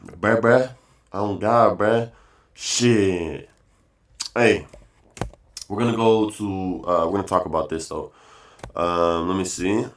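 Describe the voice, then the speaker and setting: A man's voice: deep voice, slow, pauses often. A man streaming a casual rant, emphatic and repetitive, calling his viewers guys and bro, with fillers between points. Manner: emphatic, repeats phrases, says bro and guys often.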